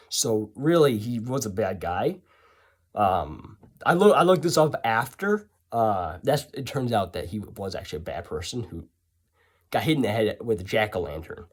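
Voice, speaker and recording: A man tells a story in a loose, rambling style, full of sarcastic asides and self-corrections. His pitch swings widely as he talks. He sounds offhand and unscripted. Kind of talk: casual storytelling.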